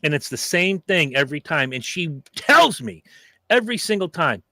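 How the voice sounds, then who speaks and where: A man's voice: on the high side, sing-song, normal speed, pushed and bright, no room sound. A middle-aged man hosting a podcast, chatting casually and telling stories with profanity and acted-out quotes. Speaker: podcast host. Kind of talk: casual chat.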